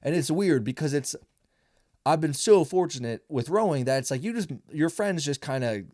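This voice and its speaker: A man's voice: a little high, lively intonation, moderate pace, a little mellow, no echo, studio quality. A man in his twenties, a stand-up comedian, rambling and swearing his way through a casual, self-mocking monologue. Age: 20s. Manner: rambling, profane storytelling. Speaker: stand-up comedian, podcast host.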